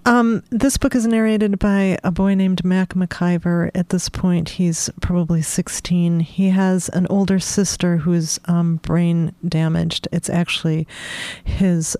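Mellow-voiced author, halting then reading aloud. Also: female voice, on the low side, level tone, dry recording. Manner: hesitant with many fillers in talk, measured when reading. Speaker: author reading her novel. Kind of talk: conversation and book reading.

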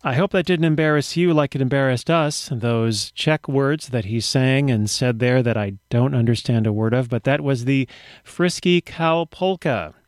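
A man's voice: medium pitch, moderate pace, dry recording. A man hosting a radio show, talking in a wry, rambling way with dry humor. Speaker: radio host. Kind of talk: casual radio chat.

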